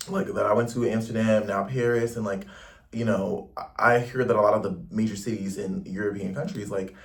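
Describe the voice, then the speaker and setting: A man's voice: on the low side, distant mic. A young man from the United States talking casually to camera in a rambling, slangy travel vlog. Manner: chatty, rambling, slangy, lots of "like". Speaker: travel vlogger. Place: indoors in a Paris lodging.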